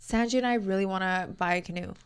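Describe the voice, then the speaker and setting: A woman's voice: medium pitch, fast talker, clean tone. A woman co-hosting a casual chat, teasing her friend and laughing a lot. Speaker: podcast co-host.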